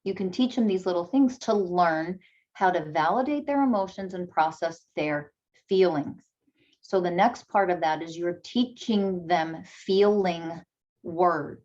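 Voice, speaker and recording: A woman's voice: on the low side, lively intonation, a little slow, darkish tone. A woman speaking as a parenting coach in an instructional video, emphatic and repeating her key points, and soothing when she models what to say to a child. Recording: dull lo-fi recording.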